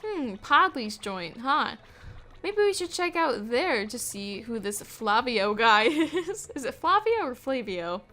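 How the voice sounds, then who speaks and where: A woman's voice: a little high, big pitch swings, slow pace, sharp tone, faint music behind. A young woman hosting a let's play, chatting casually with many fillers. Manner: chatty, casual, hesitant with fillers and little laughs. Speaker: gaming channel host.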